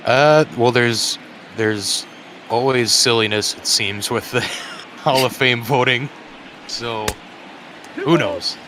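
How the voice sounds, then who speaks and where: A man's voice: mid-range voice, takes it slowly, pauses often, noisy background. Chatty man calling a baseball game. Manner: relaxed, chatty, frequent fillers and restarts. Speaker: play-by-play commentator. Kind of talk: casual sports commentary. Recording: music clearly in the background.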